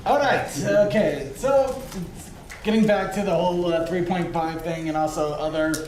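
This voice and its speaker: A man's voice: a little high, normal speed, a little mellow, slight background noise. A man in the audience of a convention panel asking a rambling, hesitant question. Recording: echoey room from far off.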